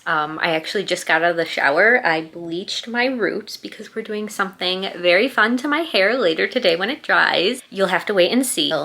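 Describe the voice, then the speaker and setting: A young woman in a casual home vlog, gushing excitedly about a book she loves, full of "like" and "oh my God.". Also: medium pitch. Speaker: book vlogger. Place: at home, bathroom after shower.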